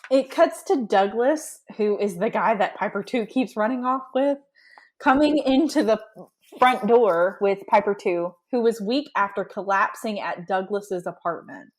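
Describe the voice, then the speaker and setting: A woman co-hosting a podcast, recapping a book in casual chat with indignant asides. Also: fairly high pitch. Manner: chatty, indignant asides, retells scenes with quoted lines. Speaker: podcast co-host.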